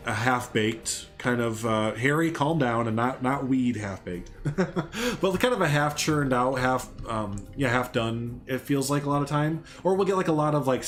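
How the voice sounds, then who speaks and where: A man's voice: medium pitch, fairly bright tone. Man, young adult, casual stream commentary, rambling, talks to chat, faint background music. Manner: rambling, chatty, reads and answers chat.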